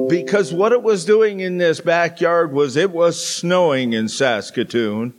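A middle-aged man preaching a sermon in church, telling stories with dramatic pauses. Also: fairly high pitch, soft background music. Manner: slow, storytelling delivery with dramatic pauses. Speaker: pastor. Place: church sanctuary.

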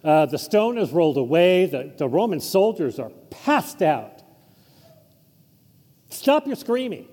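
A man with a fairly high voice delivers an informal, conversational sermon. His pitch swings widely as he talks, and a long hall reverb trails each phrase across the church. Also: normal speed, hardly any pauses, husky. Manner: informal, chuckling asides, animated intonation. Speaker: pastor. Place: church sanctuary.

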